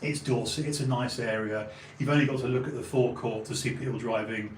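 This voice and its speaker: A man in his forties with an Essex and London accent, hosting and telling a long anecdote in casual chat, animated, swearing freely and acting out the people in his story. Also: mid-range voice, fairly quick, roomy sound, a little hiss or hum, rough recording. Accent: Essex and London English. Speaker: podcast host.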